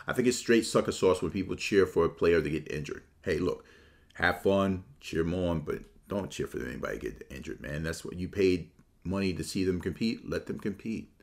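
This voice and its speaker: A man giving a casual, opinionated sports monologue, shifting between relaxed talk and animated, mocking quotes. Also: low-pitched, a little fast, gravelly. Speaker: sports commentator.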